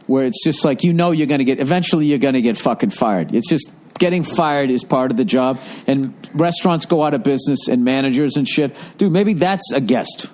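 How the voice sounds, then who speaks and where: A man co-hosting a podcast, telling profane, animated stories in casual chat. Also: mid-range voice, brisk, few pauses. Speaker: podcast co-host.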